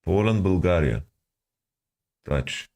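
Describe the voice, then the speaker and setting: Male streamer, deep voice, slow and unhurried, pitch jumping around, casual guessing chatter. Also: animated, darkish tone. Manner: thinking aloud, guessing esports rosters, repeating words.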